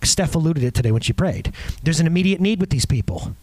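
A male pastor preaching in a loose, conversational way, his pitch sitting a little high and swinging widely as he talks. He stops and restarts often and breaks off for asides. The sound is dry and close, with no room echo. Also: fast talker. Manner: animated, off-the-cuff, many restarts and asides. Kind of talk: conversational sermon.

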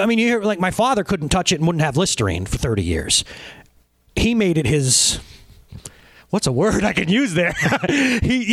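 A man's voice: mid-range voice, dry recording. A man in his thirties preaching a conversational sermon, telling a personal story and speaking straight to his congregation. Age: 30s. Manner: animated, storytelling, direct address to congregation. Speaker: pastor.

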